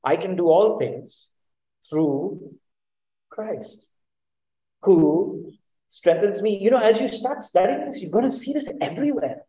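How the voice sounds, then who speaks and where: Earnest high-voiced preacher, echoey room. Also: male voice, expressive, takes it slowly, mellow. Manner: earnest, emphatic, asks the congregation questions. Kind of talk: sermon.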